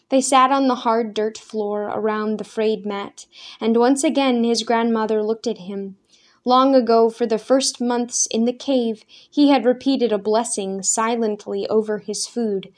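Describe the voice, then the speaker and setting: A woman reading a story aloud in a measured, even narration. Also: fairly high pitch. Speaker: audiobook narrator. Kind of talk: scripted narration.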